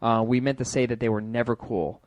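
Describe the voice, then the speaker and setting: A man's voice: medium pitch, fairly even intonation, fairly quick, no room sound, muffled recording. A man co-hosting a comedy talk show, joking and rambling in a casual way. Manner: joking, rambling, puts on silly voices. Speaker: co-host.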